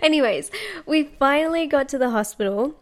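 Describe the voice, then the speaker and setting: A woman's voice: sits high, fairly quick. A young woman, telling a personal story in a chatty, casual podcast style. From Australia. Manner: chatty, animated, lots of "like" and acted-out quotes. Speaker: podcast host.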